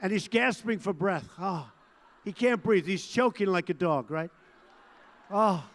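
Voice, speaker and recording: A man's voice: high-pitched, lively intonation, moderate pace. Older man giving an emphatic rally speech, echoing hall. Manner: emphatic, repetitive, boastful crowd oratory. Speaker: political candidate addressing a rally. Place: large rally venue. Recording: long hall reverb from a big venue.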